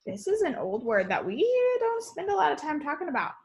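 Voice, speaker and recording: A young woman teaching young children in a remote lesson, speaking in a slow, sing-song teacher voice. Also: sits high, very animated. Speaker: kindergarten teacher.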